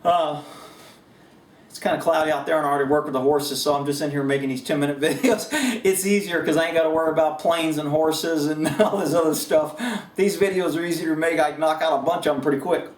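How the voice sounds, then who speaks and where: A man's voice: fairly high pitch, steady tone, quick pace, reverberant, distant mic. A man with an American accent gives a casual, rambling firearms lesson indoors, with folksy asides and laughs. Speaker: firearms instructor. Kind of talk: casual instructional talk. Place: indoors, shooting range building.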